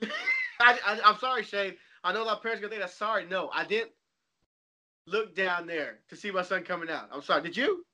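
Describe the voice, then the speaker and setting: A young adult man co-hosting a casual chat, animated, laughing often and swearing freely. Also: high voice, fast talker. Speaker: podcast co-host.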